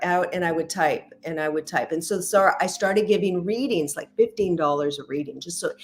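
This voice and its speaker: Chatty woman telling spiritual stories. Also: on the low side. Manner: chatty, animated, acts out quoted dialogue. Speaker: guest, matchmaker and intuitive reader. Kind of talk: casual interview storytelling.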